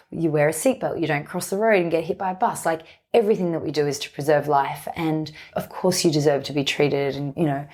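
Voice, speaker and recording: A woman speaks as a podcast guest, her voice sitting low. She talks candidly and reflectively, letting her thoughts run on in long, unhurried stretches. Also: darkish tone. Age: 30s. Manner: open, reflective, speaks in long flowing runs. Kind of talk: candid conversational interview.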